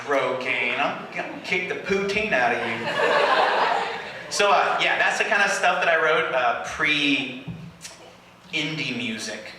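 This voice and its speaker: A man from California joking with an audience in a live question-and-answer set, animated and teasing. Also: medium pitch. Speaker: slam poet performer. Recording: echoey venue from far off, noisy.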